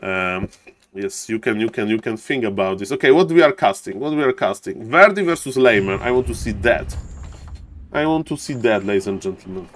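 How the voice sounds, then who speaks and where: A man who is not a native English speaker, casting a game live on stream in a showy way, chatting with viewers and greeting them warmly. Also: lowish voice, lively intonation, a little fast. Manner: showman-like, keeps repeating "ladies and gentlemen". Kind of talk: live esports commentary.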